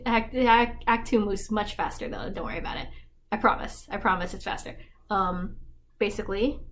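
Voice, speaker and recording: A woman summarizing a story in a chatty, irreverent and wry way, with frequent fillers and asides. Her voice sits at a middle pitch, with a light hum of room noise behind her. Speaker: YouTube creator.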